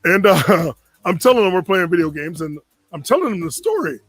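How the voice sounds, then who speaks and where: Guy from connecticut telling a wild story, high voice, does all the other people's lines. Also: brisk, faint music behind. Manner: animated, acts out quoted voices. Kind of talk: casual storytelling.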